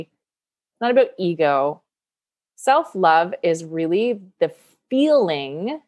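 A woman hosting her own podcast, talking in a chatty, upbeat way and laughing between phrases. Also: medium pitch. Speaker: podcast host. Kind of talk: casual solo podcast talk.

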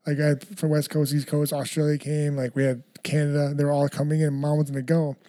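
Young male guest, animated slangy storyteller, rapid delivery. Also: a little high. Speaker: guest, fighter. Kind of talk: casual storytelling.

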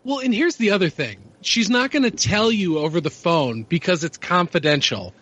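A man's voice: high voice, lively intonation, moderate pace, fairly bright tone. Sarcastic swearing man, dull lo-fi sound. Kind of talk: casual chat.

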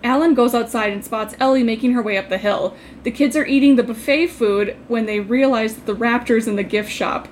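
A woman co-host runs through a movie plot in a quick, chatty recap. Her voice sits a little high, and she drops casual swears between the plot points. A faint hiss of noise sits under the recording. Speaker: podcast co-host recapping a film. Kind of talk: casual chat.

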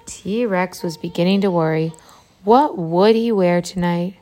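A woman reading a picture book aloud to young children, animated, pausing to ask them questions. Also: fairly low pitch. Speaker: reader to children.

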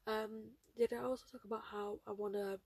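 A teenage girl hosts her own podcast, rambling along with plenty of fillers. Her voice is husky and mellow, with little rise and fall. She sounds close to the mic, dry and unroomy. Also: mid-range voice, steady tone, brisk, no echo. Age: teens. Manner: rambling, filler-heavy, chatty. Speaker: podcast host. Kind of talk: casual solo podcast chat.

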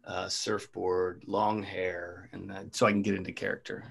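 A man co-hosting a podcast with his sister, joking, swearing and breaking into squeaky impressions. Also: flat delivery, moderate pace, gravelly, a bit bright, slightly rough. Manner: jokey, swearing, jumping between low mumble and squeaky impressions. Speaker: podcast co-host. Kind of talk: casual chat between siblings.

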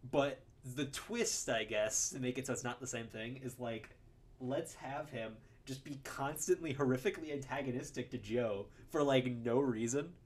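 A man co-hosting a podcast, talking about a film in a casual, animated way, laughing often and restarting his sentences. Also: medium pitch, moderate pace. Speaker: podcast co-host.

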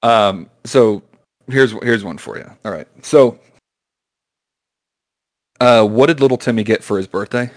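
A man co-hosting a podcast, trading jokes in a dry, offhand deadpan. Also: lowish voice, measured pace, long pauses. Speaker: podcast co-host. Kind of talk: casual joke-telling chat.

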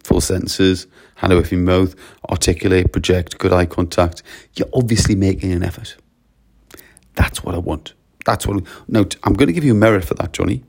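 Male teacher trainer, lowish gravelly voice, animated coaching delivery. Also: a little fast. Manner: animated, coaching, uses lively quoted voices. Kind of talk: talk to teachers.

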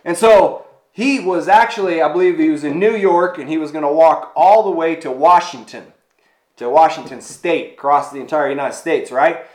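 A man's voice: fairly high pitch, moderate pace. A man telling a story in a casual way, acting out what others said and using many fillers, as a motivational speaker. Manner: animated retelling with many fillers. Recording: echoey room.

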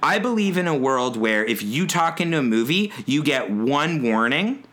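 A man on a casual podcast chat, telling a story as an animated, swearing rant. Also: medium pitch, normal speed. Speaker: podcast co-host.

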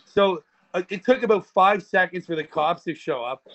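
A man's voice: high voice, expressive, moderate pace, fairly bright tone, muffled recording. A man telling rambling, profane stories in a casual podcast chat. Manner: rambling and profane, with frequent restarts. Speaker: podcast co-host.

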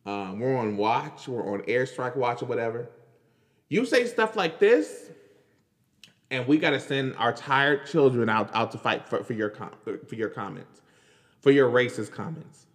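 A man hosting a podcast, talking in casual, animated commentary, laughing and repeating himself as he reacts. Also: mid-range voice, in a large hall. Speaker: podcast host.

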